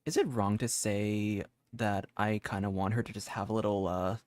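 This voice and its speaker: Low-voiced joking woman streamer. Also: steady tone, normal speed, few pauses, darkish tone, dry recording. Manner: joking, playful asides. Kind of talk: casual gameplay commentary.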